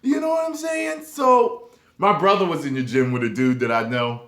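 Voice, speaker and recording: A young adult man vlogging in a casual, profane rant, swinging between loud emphasis and low mumbled asides. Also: moderate pace. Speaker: YouTube vlogger. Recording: echoey room.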